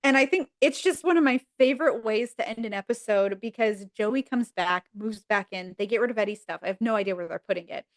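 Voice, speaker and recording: A woman guest on a podcast, chatting casually and retelling sitcom episodes in an animated way, acting out the characters' lines. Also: medium pitch, brisk, hardly any pauses, no room sound, clean studio sound. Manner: animated storyteller who acts out characters' lines.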